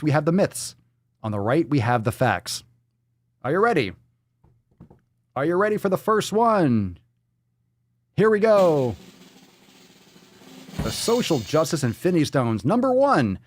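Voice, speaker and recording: A male podcast host ranting on a live stream, profane and mocking throughout. His pitch leaps and dives all over the place, and he swings from loud outbursts to low muttered asides. The sound is close and dry, with no room around it. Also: no echo.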